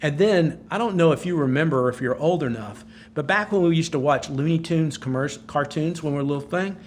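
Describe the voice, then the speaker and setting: An older man in his sixties recounts a gripping personal story as a podcast guest. His voice sits a little higher than most men's, and he tells it with breathless intensity, looping back on his phrases. A faint hiss runs under the conversation. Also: fairly quick. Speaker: podcast guest, former Navy SEAL.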